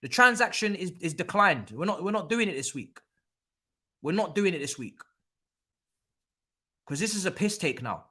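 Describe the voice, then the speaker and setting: A man's voice: high voice, expressive, normal speed, long pauses, sharp tone. A man with hosting a live football watchalong, angry and swearing in a repetitive rant.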